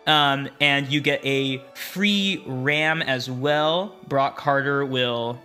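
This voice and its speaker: A man's voice: mid-range voice, extremely slow, bright, forceful tone, soft background music. Laughing man running a tabletop game. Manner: upbeat, laughs often, with filler restarts. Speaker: game master.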